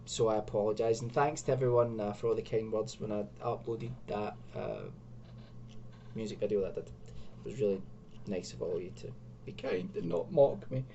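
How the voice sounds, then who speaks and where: A man reads a choose-your-own-adventure gamebook aloud and chats between passages, poking fun at himself. His tone is mellow and dark. The recording is dull, with a faint hum underneath. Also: lowish voice, lively intonation, normal speed, vocal fry. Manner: chatty, self-mocking asides. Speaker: video host. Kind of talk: reading and commenting on an adventure gamebook.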